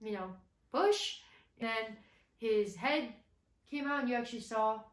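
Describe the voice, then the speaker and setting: Young woman vlogger, casual storyteller, pitched slightly high, echoey room sound. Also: measured pace. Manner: relaxed and chatty, with many fillers. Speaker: vlogger co-host. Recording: roomy echo.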